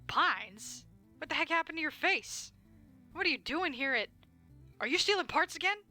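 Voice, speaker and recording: A woman voicing a cheerful small-town sheriff, talking loudly in a folksy way. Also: high-pitched, animated, normal speed, faint music behind, voice pushed up, exaggerated voice. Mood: suspicious.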